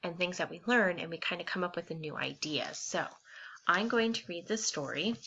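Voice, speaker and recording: A woman teacher reading a picture book aloud to young students, expressive and animated. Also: on the low side, normal speed, creaky. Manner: warm, expressive, animated storytelling. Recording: slightly dull lo-fi with faint hiss.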